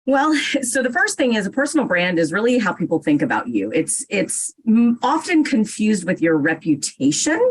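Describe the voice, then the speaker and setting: A woman's voice: medium pitch, very animated, normal speed, hardly any pauses, slightly rough, low-quality recording. A woman guest author on a podcast, explaining her ideas in an encouraging way. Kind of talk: casual interview chat.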